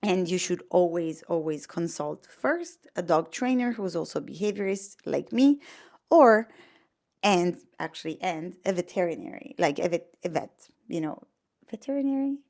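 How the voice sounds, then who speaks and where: A woman with an Italian accent talks in a fairly low voice, giving casual advice as a dog trainer and behaviorist. She is chatty and loose, packing her talk with fillers and restarting her sentences. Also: expressive, unhurried, gravelly, darkish tone. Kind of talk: casual explainer vlog.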